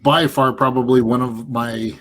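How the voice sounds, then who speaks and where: A man's voice: mid-range voice, fairly even intonation, moderate pace, a bit bright. A man in a casual podcast chat, proud and enthusiastic. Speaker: podcast guest.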